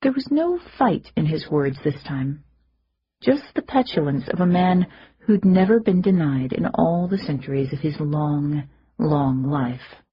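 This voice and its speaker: A woman narrating a fantasy audiobook in a measured, dramatic first-person reading. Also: low-pitched, animated, husky, muffled recording.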